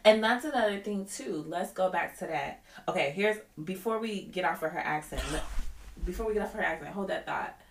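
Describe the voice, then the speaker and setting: She has a fairly low-pitched voice and talks fairly quickly, recorded in a reverberant space with a little hiss or hum. Co-hosting a podcast, she chats animatedly, opinionated throughout and quoting others.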